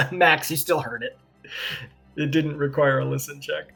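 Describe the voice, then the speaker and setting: A man's voice: a little high, creaky, bright, forceful tone. A man running a tabletop game as game master, talking loosely and conversationally with lots of fillers.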